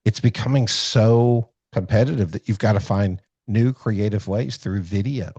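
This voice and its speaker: A man's voice: lowish voice, moderate pace, dark tone, breathy edge, no room sound. A man hosting a podcast, telling a story in a rambling, self-deprecating way with many fillers and restarts over a video call. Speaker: podcast host. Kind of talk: casual storytelling chat. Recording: dull lo-fi call audio.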